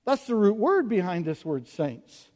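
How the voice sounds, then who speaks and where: A man preaching a sermon as pastor, impassioned, swinging from quiet to loud and piling up rhetorical questions. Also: high voice, very animated, a little slow. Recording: long hall reverb.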